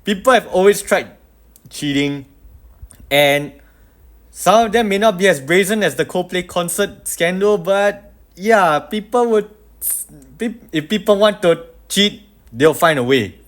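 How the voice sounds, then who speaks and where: A man reacting to a clip in a measured, reflective commentary style. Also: high voice, lively intonation.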